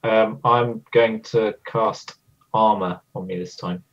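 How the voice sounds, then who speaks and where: A man's voice: on the low side, steady tone, slow. A man playing in a tabletop game, carefully thinking aloud about tactics. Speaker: player. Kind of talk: tabletop role-play chat. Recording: dull lo-fi husky audio.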